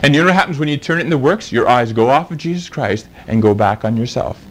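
A man's voice: mid-range voice, animated, fast, poor audio. A man preaching a sermon, emphatic and fond of rhetorical questions.

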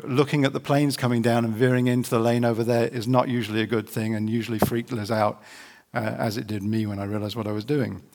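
A man preaching a sermon to camera in a conversational, earnest way, slowing down to read scripture. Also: medium pitch. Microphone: camera facing speaker.

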